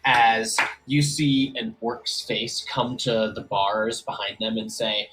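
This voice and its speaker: A man running a tabletop game as game master, talking in a relaxed way with many fillers. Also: fairly low pitch, slow pace, low-quality recording.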